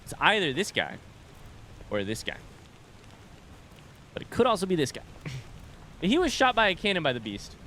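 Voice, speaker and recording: A man's voice: high-pitched, wildly swooping pitch, moderate pace, long pauses, pushed and bright, slight background noise. Man puzzling aloud over a game. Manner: thinking aloud, muttering and puzzling. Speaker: let's play host. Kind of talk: video game commentary. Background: game music.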